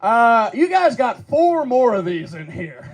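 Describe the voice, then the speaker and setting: A man voicing a gruff one-eyed country man who catches pests, in a blunt, unbothered way. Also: extremely high pitch, sing-song, unhurried, full character voice. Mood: matter-of-fact.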